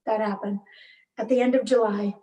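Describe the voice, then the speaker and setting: A woman in her forties telling her own story as an interview guest, emotionally charged and halting, with bursts of anger. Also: mid-range voice, fairly even intonation, dark tone. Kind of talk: personal account in a podcast interview. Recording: roomy, distant mic.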